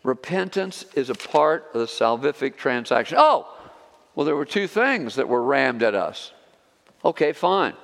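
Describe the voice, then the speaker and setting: Animated preacher man in a reverberant hall. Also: unhurried, gravelly. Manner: emphatic, rising to stressed words then dropping low. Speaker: pastor. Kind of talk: expository sermon.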